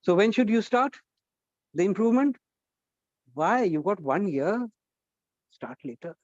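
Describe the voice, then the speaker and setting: A high-voiced man runs a lively college workshop, pushing shy students to speak up. The sound is dry and a little muffled. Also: a little slow, no room sound. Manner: coaxing, asks the class questions. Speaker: guest trainer at a college workshop. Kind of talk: interactive classroom talk.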